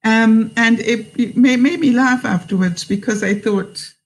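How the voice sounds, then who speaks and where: A woman's voice: fairly high pitch, a little slow, rough recording. A middle-aged woman vlogger telling a personal story, hesitant, with many fillers and restarts.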